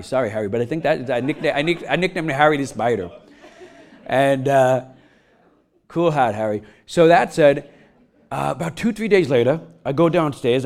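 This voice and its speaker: A middle-aged man preaching a sermon, telling a funny personal story, laughing often and getting loud as he acts it out. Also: mid-range voice. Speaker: pastor.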